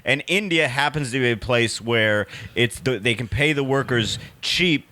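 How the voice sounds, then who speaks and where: A man's voice: medium pitch, moderate pace, bright, forceful tone, slight background noise. A man co-hosting a comedy podcast, wry and chatty, who explains things at length and laughs a lot. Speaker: podcast co-host. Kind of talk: casual comedic banter.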